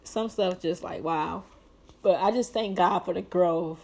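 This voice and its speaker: A woman's voice: on the low side, measured pace, vocal fry, darkish tone. An earnest young woman speaks straight to her viewers. Her talk is heartfelt and encouraging, full of "like" and sermon-style pep talk. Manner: earnest, heavy use of "like", preachy encouragement. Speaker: vlogger.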